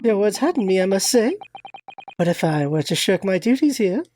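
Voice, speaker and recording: A woman voicing an eccentric, grand male gentleman detective who speaks in a formal, theatrical way. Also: medium pitch, sing-song, normal speed, soft background music, close to an everyday voice. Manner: theatrical, formal, self-pitying.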